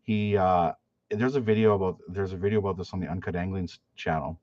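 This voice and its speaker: Low and a little mellow, this man's voice moves briskly with fairly even intonation. He's a fishing guide and YouTuber reading viewer questions during a casual live stream, rambling through tales with many restarts, fillers and "like." The sound is dry, dull and lo-fi, with no room sound.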